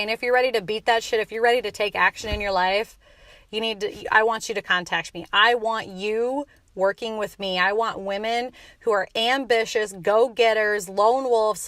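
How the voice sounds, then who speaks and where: A woman's voice: mid-range voice, fairly bright tone, dry recording. Passionate blunt woman podcast host. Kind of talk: motivational podcast rant.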